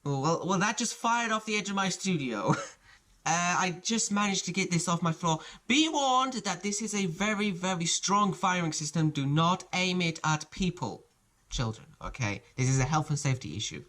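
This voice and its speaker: A reviewer talks through a toy set from a small home studio, voice rising and falling in a lively, animated way. The delivery is chatty and hesitant, with phrases often broken off and started again. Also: medium pitch, normal speed. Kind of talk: casual show-and-tell review.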